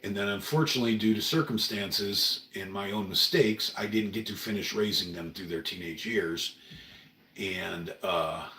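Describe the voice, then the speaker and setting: This middle-aged livestream host from Oregon, USA, talks at a normal speed in a lowish voice with a sharp edge. Seated in a room at home, he gives a casual monologue that wanders and runs earnest and emotional. The mic is far off, making the audio roomy and a bit off-mic.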